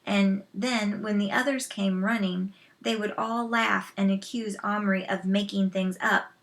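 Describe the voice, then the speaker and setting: A woman reading a children's novel aloud, slow and measured, with soft asides to listeners. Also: medium pitch, steady tone. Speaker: storyteller.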